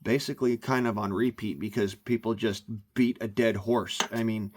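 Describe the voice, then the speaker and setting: A man's voice: lowish voice, steady tone, normal speed, background noise. A man ranting into the camera for his vlog, emphatic and meandering, often repeating himself. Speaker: vlogger. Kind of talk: rambling rant to camera.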